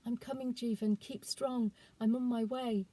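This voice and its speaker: A woman's voice: on the high side, steady tone, a little slow, dark tone, pitched above the performer's own voice. A woman reading the lines of a determined young village girl on a desperate journey, in an urgent, pleading voice.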